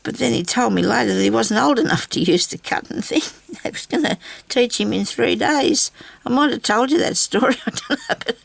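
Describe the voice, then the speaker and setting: A woman's voice: fairly high pitch, moderate pace, gravelly, no room sound. An Australian woman chatting in a casual, rambling way while she crafts and tells stories. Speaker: craft vlogger.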